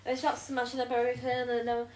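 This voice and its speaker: Female podcast co-host, excitable storyteller, slightly high voice, distant mic. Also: fast talker. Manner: excitable retelling, many likes and restarts. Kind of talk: casual chat.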